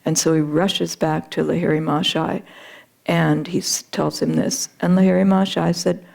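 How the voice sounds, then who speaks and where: A woman's voice: low voice, flat delivery, normal speed, vocal fry, darkish tone. A woman retelling a spiritual story in a talk, earnest, with frequent fillers.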